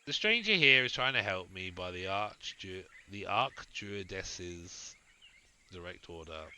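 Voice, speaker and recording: A man's voice: low-pitched, expressive, measured pace, sharp tone, clean tone, heavily acted. Man reading as an austere, solemn druid. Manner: solemn, curt. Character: austere but caring male druid.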